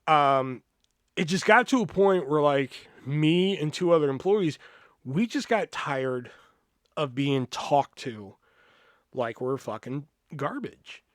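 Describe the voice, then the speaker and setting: A man's voice: fairly high pitch, slow, no room sound, clean studio sound. A man hosting a podcast, telling work stories in a casual, profane way and acting out the people he quotes. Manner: profane, animated, acts out quoted voices. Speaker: podcast host. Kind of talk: casual storytelling.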